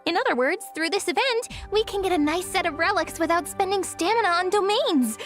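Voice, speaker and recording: Eager, playful co-host; high and lively scripted read. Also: female voice, fairly quick, faint music behind. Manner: excited, playful. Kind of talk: scripted game broadcast hosting.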